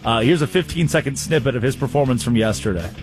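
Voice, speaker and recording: A man hosting a casual comedic chat show, telling stories with lively voiced quotes. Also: medium pitch, quick pace, over music. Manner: animated storytelling, voices quotes. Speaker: show host.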